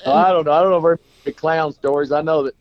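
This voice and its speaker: A man's voice: on the high side, steady tone, racing, no echo, highs cut off. Folksy man telling rodeo stories. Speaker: guest, rodeo singer and performer. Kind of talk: casual storytelling talk.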